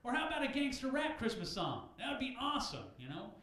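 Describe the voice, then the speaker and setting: A man doing a stand-up comedy set at an open mic, animated and loud, jumping into high shouted bits. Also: quick pace. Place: comedy club stage. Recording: very echoey club room.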